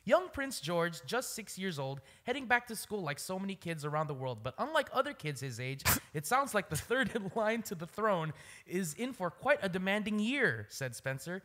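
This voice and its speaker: A man co-hosting a podcast, reading out a news story in an animated, amused way. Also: high-pitched, moderate pace. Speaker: podcast co-host.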